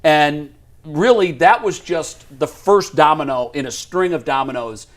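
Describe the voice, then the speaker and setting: A man's voice: on the high side, a little slow. A man co-hosting a casual sports talk show, giving firm opinions and laughing at his own points. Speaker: sports radio co-host.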